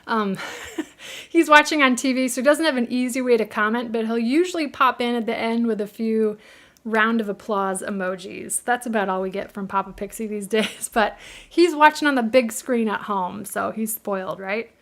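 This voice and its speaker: A woman's voice: a little high, moderate pace. A middle-aged woman with a Midwestern American accent hosts a live craft tutorial, chatting in a friendly way, laughing easily and answering viewers' questions.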